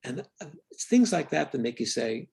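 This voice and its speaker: An older man with a gravelly, husky voice, speaking as an interview guest. He reflects candidly on his film work, stopping and restarting his sentences and letting his voice trail off quietly. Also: mid-range voice, big pitch swings, moderate pace. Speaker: film writer and director, guest.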